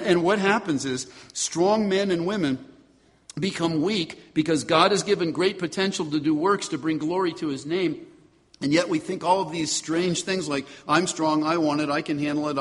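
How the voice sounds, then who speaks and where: Man preaching in a reverberant hall. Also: a little high. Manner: emphatic preaching with rhetorical questions. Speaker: pastor. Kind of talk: sermon.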